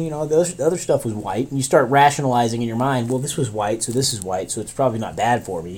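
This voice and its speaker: A young man co-hosting a casual podcast, telling stories in an animated, profane, rambling way with big exaggerated groans. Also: medium pitch. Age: young adult. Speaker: podcast co-host. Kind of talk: casual chat.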